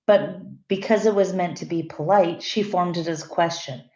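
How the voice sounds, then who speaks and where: In a dull, echoey lo-fi room recording, a middle-aged woman leads a conversational lecture and checks in with her students. Her lowish voice is mellow and moves at normal speed.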